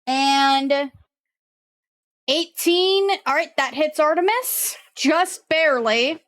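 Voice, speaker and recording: High-voiced, unhurried woman game master. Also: a bit bright. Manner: unhurried, thinks aloud while checking rules. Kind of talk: running a tabletop game online.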